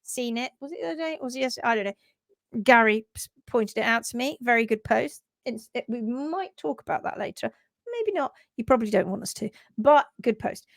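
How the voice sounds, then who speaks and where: Chatty high-voiced woman host. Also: a little fast, vocal fry, no echo, clean studio sound. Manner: chatty, excitable, greets viewers by name. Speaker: livestream host. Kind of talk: casual live-stream chat.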